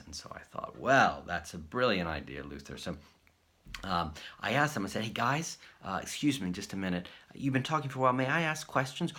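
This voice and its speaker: A man's voice: lowish voice, fairly quick. A man hosting his channel, casually telling a story to camera and acting out the dialogue. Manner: animated retelling, acts out quoted dialogue. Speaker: host.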